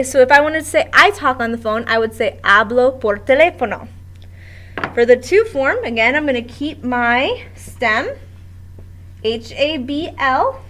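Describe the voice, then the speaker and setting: A woman's voice: high voice, a bit bright. A woman teaching a Spanish grammar lesson at a board in a classroom, explaining step by step with patience.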